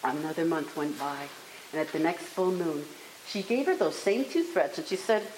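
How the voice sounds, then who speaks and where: Woman storyteller, expressive folktale telling, lively pitch, echoey room. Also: normal speed. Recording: echoey room with faint hiss.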